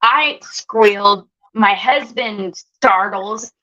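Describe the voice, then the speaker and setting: A woman's voice: medium pitch, drawn-out words, pushed and bright, highs cut off. A woman guest telling a personal story with animation, acting out the voices she quotes.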